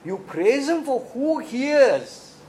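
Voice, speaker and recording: An extremely high-pitched man speaks slowly in an animated sermon, his Indian English accent clear as he asks rhetorical questions and tags "right?" again and again. The recording is rough, with a little hiss or hum.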